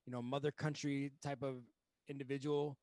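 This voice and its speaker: A man's voice: mid-range voice, level tone, normal speed, darkish tone, no echo. Podcast host guy asking rambly questions, dry close sound. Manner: chatty, joking questions. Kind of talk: podcast interview.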